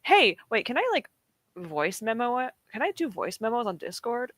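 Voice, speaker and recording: Bright, lively young woman chatting with viewers. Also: a little high, moderate pace, dry recording. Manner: chatty and giggly, often laughs and reacts to chat. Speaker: streamer hosting reading sprints. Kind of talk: casual chat with live chat. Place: home desk.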